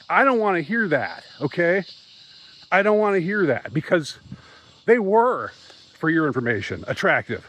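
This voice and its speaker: A man's voice: fairly high pitch, expressive, a bit bright, low-quality recording. A man vlogging an upset, rambling monologue to camera, stumbling and repeating himself as he talks. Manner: agitated, halting, repeats himself.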